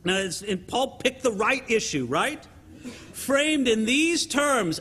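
A man preaching a sermon to his congregation in an animated way, often checking in with the listeners by asking "right?". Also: very high voice, slow pace, husky, in a large hall. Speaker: pastor.

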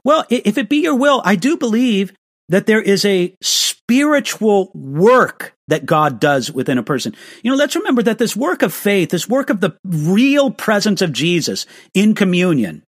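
A man's voice: sits high, very animated, moderate pace, dry recording, clean studio sound. A man answering viewer questions in an online live stream, earnest and restarting his sentences with small stammers.

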